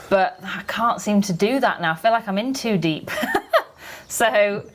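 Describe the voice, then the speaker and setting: A woman's voice: mid-range voice, unhurried, background noise. A young woman chatting as a guest, often laughing and restarting her sentences. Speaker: guest, vlogger. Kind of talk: casual chat.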